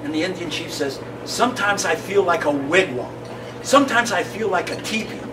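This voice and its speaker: High-voiced man telling jokes, far from mic. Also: animated, fairly quick. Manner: loud, folksy, punchline-driven. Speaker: stand-up comedian. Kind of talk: stand-up joke telling. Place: banquet room during a lunch. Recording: distant mic with loud room noise and clinking dishes.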